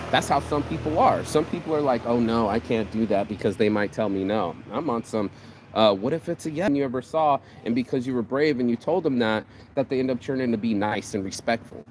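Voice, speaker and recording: A man hosting his own vlog, giving a casual motivational rant in an animated, profane, rambling way, speaking outdoors on a city street. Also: mid-range voice, fairly quick. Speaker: vlog host. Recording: outdoor street with passing traffic.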